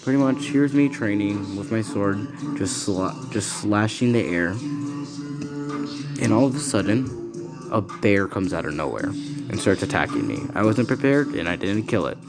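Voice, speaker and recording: A man's voice: on the low side, expressive, moderate pace, over music. A man voicing a young teenage boy hero who jokes and dodges questions in a fan story he is telling. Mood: cheeky. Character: young teen boy hero, cheeky and evasive.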